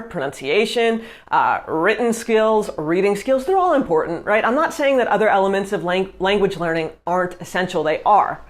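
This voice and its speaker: A woman vlogger giving direct, emphatic advice in a casual, conversational way, often checking in with "right?" and "you know". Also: mid-range voice.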